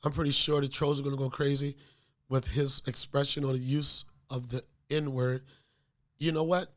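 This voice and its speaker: A man's voice: medium pitch, flat delivery, moderate pace. A man hosting a comedy podcast, getting over a cold, talking in a loose, profane, storytelling way with lots of fillers. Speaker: podcast host. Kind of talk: casual comedic podcast chat.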